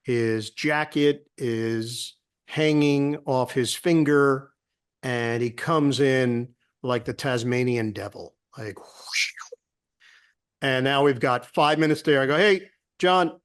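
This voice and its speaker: A man's voice: medium pitch, slow, smooth. A middle-aged man, a sportscaster guest, telling a story in a casual interview and acting out the voices of people he quotes. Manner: animated storyteller who acts out quoted voices.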